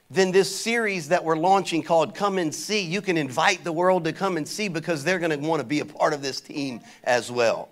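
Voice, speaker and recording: Male pastor, high voice, animated sermon with call-and-response and casual anecdotes. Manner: conversational storytelling.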